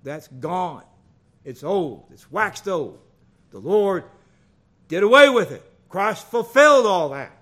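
A middle-aged man delivers a folksy sermon. His voice sits high and leaps around. He rises into loud bursts and then drops to quiet asides. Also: slow. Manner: folksy, animated storytelling with big swings in loudness. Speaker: preacher.

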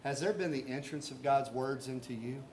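A man's voice: mid-range voice, normal speed, a little mellow, slight background noise. A man preaching a sermon as pastor, talking earnestly and conversationally and asking his listeners rhetorical questions.

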